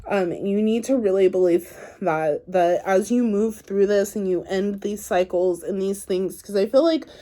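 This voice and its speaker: A woman's voice: medium pitch, measured pace, warm tone. A woman giving a casual pick-a-card tarot reading to her viewers, rambling and chatty with lots of ums and likes. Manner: chatty, rambling, filler-heavy. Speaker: tarot reader.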